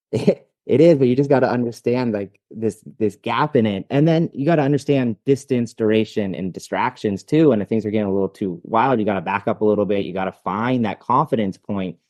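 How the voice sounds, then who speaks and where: A man's voice: fairly low pitch, a little fast, a little mellow. A man appearing as a guest dog trainer on a podcast, talking casually and telling stories in a loose, rambling way with lots of fillers. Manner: rambling, storytelling, filler-heavy.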